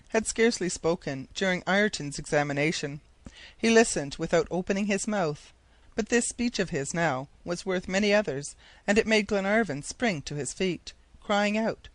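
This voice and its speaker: A man narrating an audiobook in a measured, steady storytelling manner. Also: high-pitched, no echo. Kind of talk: scripted narration.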